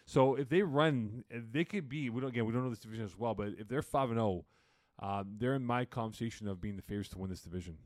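A man co-hosting a casual sports podcast, relaxed and rambling, laughing now and then. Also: mid-range voice, fast talker, no echo, clean studio sound. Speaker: co-host.

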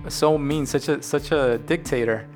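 A man in a casual conversation about a film, animated and acting out lines now and then. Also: a little high, normal speed, faint music behind. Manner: animated, acts out characters' lines. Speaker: co-host discussing a film. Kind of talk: casual chat.

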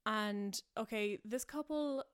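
A woman's voice: fairly high pitch, takes it slowly, a bit bright, clean tone. Rambling, self-amused woman podcaster. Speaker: podcast host. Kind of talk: casual comedic rambling.

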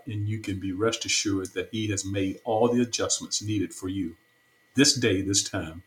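A man's voice: lowish voice, a little hiss or hum, poor audio. A man, a church stake president, earnestly telling a personal story in an interview, often repeating himself.

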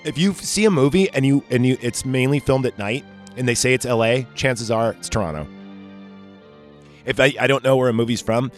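A man's voice: medium pitch, a little fast, faint music behind. A man hosting a podcast, talking casually and profanely about a movie, rambling and interrupting himself. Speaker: podcast host.

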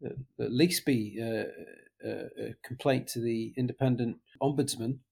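A man in the middle of the pitch range whose voice carries a gravelly fry. He talks earnestly on a film panel, choosing his words carefully. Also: a little slow, a little mellow. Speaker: podcast panelist. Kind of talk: casual film-panel chat.

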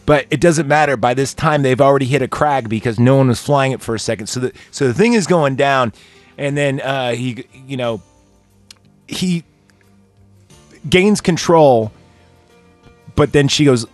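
A man's voice: mid-range voice, normal speed, pauses often, dry recording, faint music behind. A man hosting a casual chat, retelling a movie scene with lots of fillers and acting out the characters' lines. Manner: rambling with many fillers, acting out quoted lines. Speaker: podcast host.

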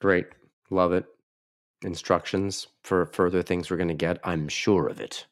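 A man's voice: sits low, fairly even intonation, a little slow, dry recording, studio quality. An Australian man chatting casually as a guest player in a mystery game, chatty and self-mocking.

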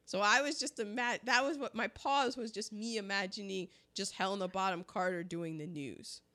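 A woman co-hosting a casual podcast chat, expressive and thinking aloud as she talks. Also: medium pitch, normal speed. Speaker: podcast co-host.

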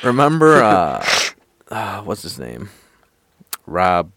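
Brief: man, mid pitch, swinging intonation, laughing casual podcast talker. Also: wildly swooping pitch, slow, fairly bright tone. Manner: laughs a lot, says dude often. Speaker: podcast guest or host. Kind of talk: casual crude banter.

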